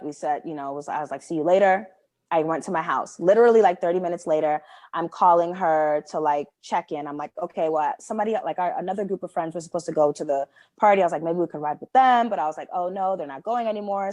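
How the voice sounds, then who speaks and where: A young adult woman co-hosting a podcast, telling a story in casual chat, animated and full of "like" fillers as she acts out what people said. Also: fairly low pitch, dry recording. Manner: animated, many "like" fillers, acts out quoted dialogue. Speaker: podcast co-host.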